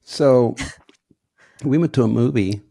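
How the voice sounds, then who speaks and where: Middle-aged guy podcast cohost, real gravelly and a bit husky, dry close mic. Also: mid-range voice, takes it slowly, warm tone, no room sound. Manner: storytelling, self-mocking humor. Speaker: podcast co-host. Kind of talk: casual chat.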